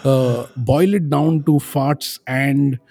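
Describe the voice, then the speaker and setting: A man's voice: mid-range voice, takes it slowly, gravelly, mellow, husky, no room sound. A man co-hosting a casual parenting chat, telling stories and rambling with plenty of fillers and restarts. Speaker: podcast co-host, father. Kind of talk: casual conversation.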